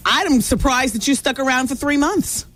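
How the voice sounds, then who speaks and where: A woman's voice: high voice, normal speed, a bit bright. A woman hosting a call-in radio talk show, blunt, opinionated and teasing with her callers.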